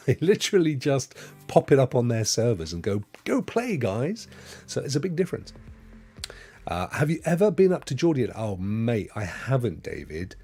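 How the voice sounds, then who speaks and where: Chatty, husky-voiced middle-aged man. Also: on the low side. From England. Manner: chatty and rambling, with laughs and drops into a soft whisper. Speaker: gaming news livestream host. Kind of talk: casual livestream chat reading viewer comments.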